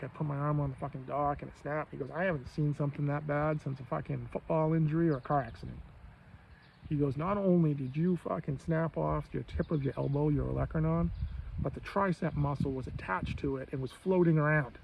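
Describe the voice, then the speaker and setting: Man vlogger, gravelly and aggrieved, swearing through a rant on a muffled, low-fi recording. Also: steady tone, fairly quick. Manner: profane, aggrieved, quotes others in his own voice. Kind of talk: angry personal rant. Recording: muffled low-fi audio with faint background noise.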